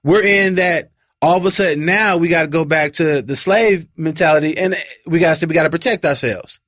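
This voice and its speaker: A man's voice: a little high, fairly quick, fairly bright tone, no room sound, studio quality. A man in a casual group discussion, speaking emphatically and repeating phrases for stress. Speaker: discussion panelist.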